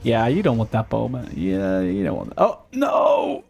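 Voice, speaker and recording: A man's voice: on the low side, normal speed, vocal fry, mellow, faint music behind. A man live-streaming a game in casual commentary, rambling and muttering to himself with mild swearing and humming.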